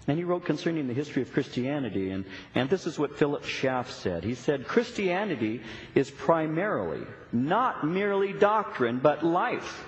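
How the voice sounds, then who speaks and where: A man's voice: fairly high pitch, slight background noise. A middle-aged man preaching a sermon as a pastor, earnest and emphatic, with frequent repetitions. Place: church sanctuary. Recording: echoey, dull church recording.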